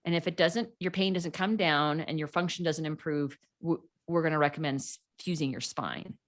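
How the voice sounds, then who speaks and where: Casting note: middle-aged woman guest, slightly low voice, animated storyteller doing quoted voices. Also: moderate pace. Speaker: podcast guest. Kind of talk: casual storytelling interview.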